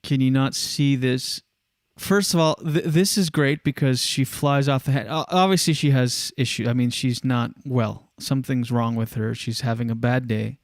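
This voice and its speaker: A man's voice: medium pitch, steady tone, normal speed, hardly any pauses, no echo, studio quality. A man hosting a casual talk show, recapping a viral clip, acting out the quotes and laughing often. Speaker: show host. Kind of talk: casual commentary on viral clips.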